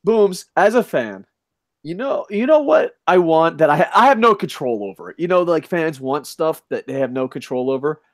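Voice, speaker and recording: A man co-hosting a casual podcast, ranting loudly with lots of swearing. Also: a little high, animated, moderate pace, no room sound. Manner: loud, profane ranting. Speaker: podcast co-host.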